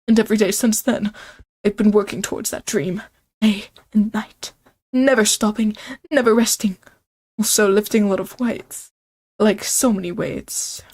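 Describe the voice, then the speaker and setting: A woman voicing an older male colonel chef in a game, with a put-on accent and slow, grand, self-important storytelling. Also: mid-range voice, a little mellow, breathy edge. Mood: dramatic. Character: hearty old male fast-food colonel chef, dreamy and self-centered.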